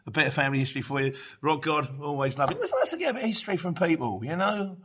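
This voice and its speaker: A man's voice: on the high side, very animated, racing, fairly bright tone, husky. A man in his fifties with a Cockney accent, hosting a casual stream, rambling through viewer comments and wandering off on tangents. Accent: London Cockney. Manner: rambling, chatty, goes off on tangents. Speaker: courier driver livestream host. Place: dim room lit by Christmas lights.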